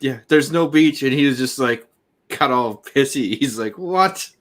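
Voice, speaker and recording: A man in a relaxed casual chat, chuckling and chiming in with his own stories. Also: medium pitch, moderate pace. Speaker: whiskey show co-host.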